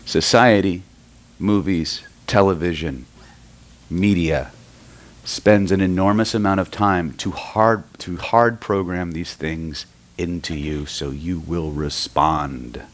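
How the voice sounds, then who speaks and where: A man's voice: sits low, slow pace. A middle-aged man from Oklahoma teaching a live seminar on hypnosis, telling stories and often checking in with the audience. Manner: storytelling, keeps checking in with the room. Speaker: hypnosis and NLP trainer.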